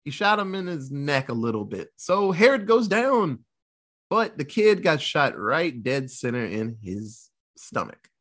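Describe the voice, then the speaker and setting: Male co-host, casual film recap, expressive and husky, slips into character voices. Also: fairly high pitch. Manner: animated storytelling, quick voice switches for characters, laughs often. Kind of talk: casual movie recap chat.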